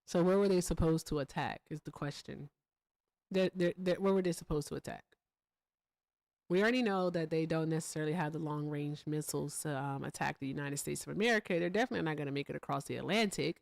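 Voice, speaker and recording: A woman hosting a political commentary stream, animated and sarcastic, talking straight to her viewers. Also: deep voice, fairly quick, vocal fry, no echo, clean studio sound. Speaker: host.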